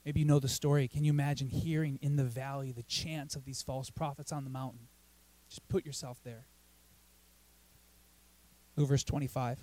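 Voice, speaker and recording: A man giving a conversational sermon as pastor, animated, often checking in with "right?". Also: medium pitch, normal speed, pauses often, poor audio.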